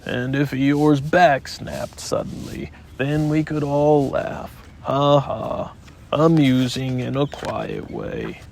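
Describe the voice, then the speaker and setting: A man voicing a gloomy old male donkey who talks in a slow, dry, mournful way. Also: medium pitch, expressive, creaky, darkish tone, slight background noise.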